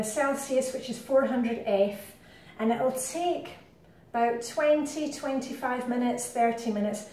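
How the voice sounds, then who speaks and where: A middle-aged Scottish woman, a cooking vlogger, talks her way through a home cooking demonstration in her kitchen, wandering off into rambling asides. Her voice is fairly high and a little mellow. The mic is distant and the kitchen very echoey.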